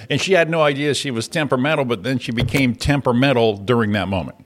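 A man's voice: mid-range voice, fast talker. A man co-hosting a morning talk show, telling stories in casual chat and acting out the quotes. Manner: storytelling, acts out quotes. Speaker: co-host.

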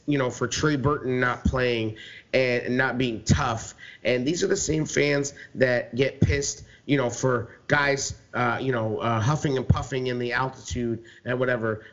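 A man's voice: mid-range voice, a bit bright. A man co-hosting a sports podcast, ranting heatedly with lots of swearing and filler words. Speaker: podcast co-host. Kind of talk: profane sports podcast rant. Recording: dull lo-fi podcast recording.

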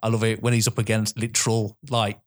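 A man co-hosting a podcast in casual chat. He is excitable and swears, and he keeps calling his co-host "mate". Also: on the low side, fairly quick.

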